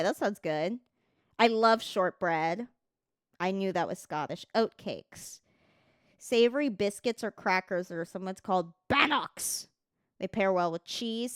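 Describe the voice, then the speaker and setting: A woman livestreamer in casual chat, reading text aloud at an unhurried pace. Her voice is smooth and clear, recorded close and dry with no room sound. She swears easily and trips over words as she reads. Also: mid-range voice, no echo.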